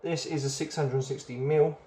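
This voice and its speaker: A man's voice: fairly high pitch, fairly even intonation, moderate pace, mellow, reverberant, slight background noise. A man hosting a casual beer review video, chatty and rambling, often hesitating as he goes.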